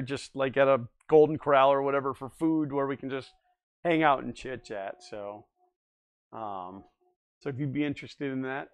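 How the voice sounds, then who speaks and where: A man's voice: mid-range voice, clear, resonant tone. A man hosting a livestream, chatting casually and reading viewer comments aloud, easygoing and often laughing. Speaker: livestream host.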